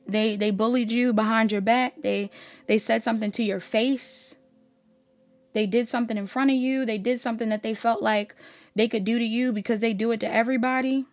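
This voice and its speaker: A woman's voice: on the high side, no room sound. A woman giving a casual pick-a-card tarot reading, rambling and often saying "like". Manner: casual, rambling, heavy use of "like". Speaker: tarot reader.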